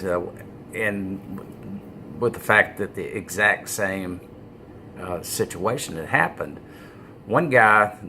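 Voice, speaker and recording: Male vlogger, low voice, unhurried, filler-heavy delivery, faint room noise. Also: pushed and bright. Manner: halting, many "uh" fillers, stresses key words. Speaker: business vlogger. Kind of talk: casual talking-head monologue.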